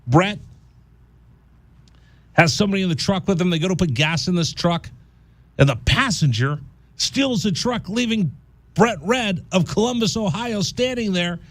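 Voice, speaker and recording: A man's voice: high-pitched, normal speed, long pauses, dry recording. A man hosting a college radio talk show, telling a story with jokes and slipping into mock voices. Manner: animated, jokey storyteller who slips into mock voices. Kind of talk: casual radio banter and storytelling.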